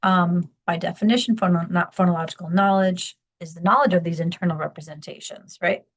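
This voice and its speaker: A woman's voice: fairly low pitch, steady tone, a little fast. A woman giving a recorded lecture over slides, explaining step by step and often checking in with "okay?" and "right?". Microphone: screen recording on a computer mic.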